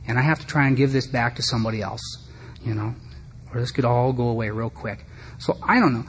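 A man's voice: medium pitch, brisk, a little hiss or hum. A middle-aged man speaking candidly and self-deprecatingly to a recovery meeting, talking conversationally with frequent asides. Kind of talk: personal recovery talk to a group. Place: meeting room.

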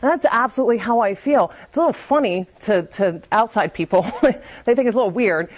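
A woman's voice: medium pitch, fairly quick, dull audio. A woman speaking candidly at a recovery meeting, giving a confessional personal testimony and often restarting her sentences.

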